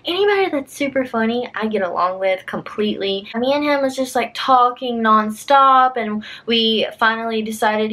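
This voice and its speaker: A woman's voice: a little high, brisk, few pauses, a bit bright. A woman in her twenties telling a casual storytime vlog, chatty, saying "like" a lot and laughing often. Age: 20s.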